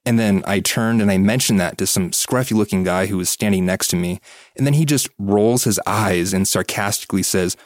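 A low-voiced man tells stories in an easygoing way, with a wry sense of humor, as a podcast co-host. The recording is close and dry. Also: a little fast, no echo. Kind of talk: casual chat.

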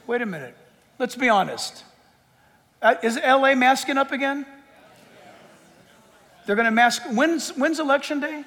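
High-voiced sarcastic preaching man. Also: lively intonation, measured pace, long pauses, big-room sound. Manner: sarcastic rhetorical questioning, rising to forceful emphasis. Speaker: pastor. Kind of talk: sermon.

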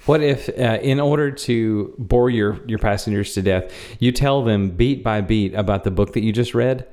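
Low-voiced chuckling podcast man. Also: moderate pace, darkish tone. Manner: amused, chuckles often, asks the group questions. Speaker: podcast co-host. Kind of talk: casual banter.

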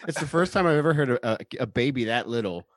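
A man's voice: medium pitch, animated, fast, dry recording. A man telling an anecdote in casual podcast chat, swearing and mimicking voices in quotes. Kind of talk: casual storytelling.

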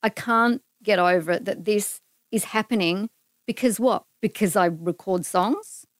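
A woman's voice: medium pitch, unhurried, no echo, clean studio sound. A middle-aged woman from Australia, a podcast guest telling a personal story in casual conversation and acting out the dialogue. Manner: animated, acts out dialogue in her stories.

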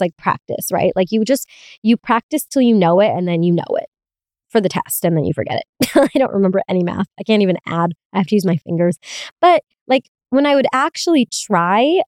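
A woman's voice: medium pitch, a little mellow, no room sound, clean studio sound. A young woman hosting a casual solo podcast, talking candidly, swearing freely and laughing often. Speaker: podcast host.

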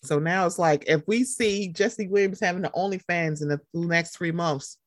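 A woman's voice: fairly low pitch, normal speed, dry recording, clean studio sound. A woman co-hosting a casual gossip podcast, talking animatedly and slipping into playacted quotes. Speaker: podcast co-host.

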